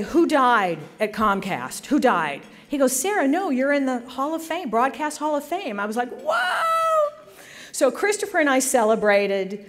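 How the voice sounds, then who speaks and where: A middle-aged woman giving an award acceptance speech at a podium. She tells stories with animation and acts out the voices of the people she quotes. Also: a little high. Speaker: award honoree. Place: event hall podium.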